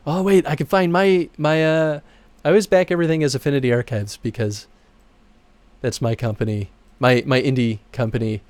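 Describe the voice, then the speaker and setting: Talking a little fast over rolling game credits, a streamer who also produces games casually rambles to his audience and laughs a lot. His voice stays in an ordinary middle register except when excitement pushes it higher. It's recorded up close, dry, with no trace of the room.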